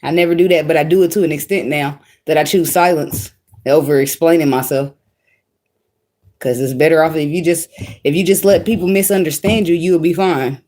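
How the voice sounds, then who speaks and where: Blunt, laughing woman with a low voice. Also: steady tone, fairly quick, a little mellow. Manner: blunt, slangy and profane, laughs often. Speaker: tarot reader. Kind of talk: casual spiritual advice vlog monologue.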